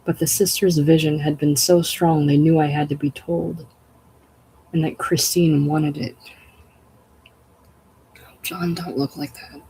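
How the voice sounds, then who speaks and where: A storyteller voicing a grieving wife, urgent and elated, sometimes dropping to a breathy whisper. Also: mid-range voice, level tone, unhurried, long pauses, warm tone, a little hiss or hum, close to an everyday voice, low-quality recording.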